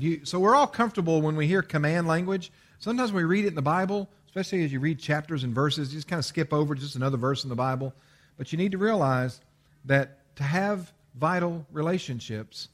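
Guy preaching a sermon, kinda high voice, leans hard on the commands, lots of uh and restarts. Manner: emphatic, repeats commands with stress; explains with everyday examples, frequent "uh" and restarts. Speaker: pastor.

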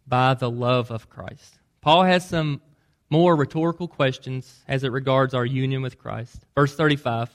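A man preaching a sermon, earnest and emphatic, pressing hard on key points. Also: mid-range voice. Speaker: pastor.

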